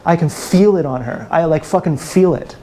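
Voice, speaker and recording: A man's voice: fairly high pitch, normal speed, dark tone, a little hiss or hum. A man ranting bitterly and with contempt on a live stream, often repeating himself, filmed on an action camera. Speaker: vlogger.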